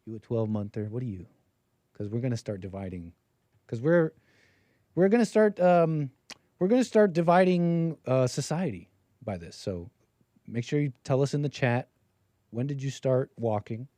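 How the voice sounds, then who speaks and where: A man's voice: mid-range voice, lively intonation, moderate pace, pauses often, warm tone, dry recording. A man hosting a live-stream call-in show, talking in a rambling, joking, loose way. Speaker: host.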